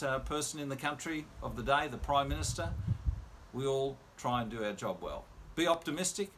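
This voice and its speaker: A man, a radio presenter, telling an animated anecdote full of quoted dialogue on a video call. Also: mid-range voice, slight background noise.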